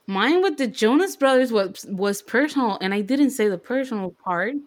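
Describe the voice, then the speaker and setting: A young woman co-hosting a podcast, telling a story in a casual, excitable way, full of fillers and restarts. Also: fairly high pitch, normal speed. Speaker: podcast co-host. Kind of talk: casual chat.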